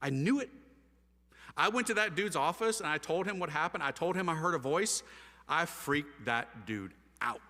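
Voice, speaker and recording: A man giving an energetic, casual storytelling talk about his life, acting out conversations in slang. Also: high voice, brisk, long reverb tail. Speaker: speaker giving his testimony.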